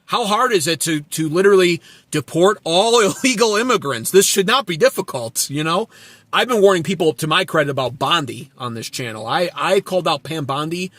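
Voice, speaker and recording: A man's voice: fairly high pitch, animated, a little fast, fairly bright tone, no echo. Sarcastic, profane male political commentator. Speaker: channel host. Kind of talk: political commentary with chat replies.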